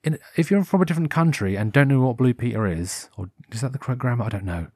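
A man's voice: medium pitch, fast talker, breathy edge, no echo, clean studio sound. A British man talking alone on his podcast in a loose, rambling way, often correcting himself and livening up when he acts things out. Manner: rambling, self-correcting, breaks into animated put-on voices. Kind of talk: unscripted solo monologue. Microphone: headphones with a wired mic.

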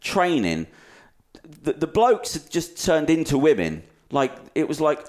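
A man's voice: a little high, big pitch swings, measured pace, a little mellow. A man hosting a podcast, rambling in casual chat and swearing freely. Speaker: podcast host.

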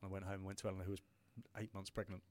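Fast-talking British man, low-voiced. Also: level tone, a little mellow. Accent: British English. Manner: emotional, swears, quick restarts. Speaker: guest, startup founder. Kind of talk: candid interview storytelling.

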